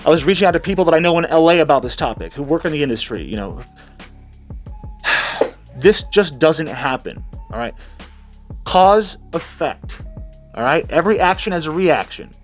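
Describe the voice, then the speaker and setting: A man's voice: a little high, animated, normal speed, pauses often, soft background music. A man giving sarcastic, mocking reaction commentary, rambling with restarts. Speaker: commentary vlogger.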